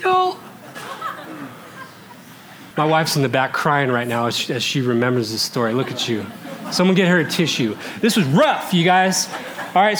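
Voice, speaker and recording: A man in his thirties from Alaska tells a funny story to a live crowd in a high voice. His pitch leaps and drops all over, and he laughs as he goes, shifting from loud bursts to hushed asides. A faint wash of room noise sits behind him. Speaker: storyteller before a live audience. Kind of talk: comic storytelling.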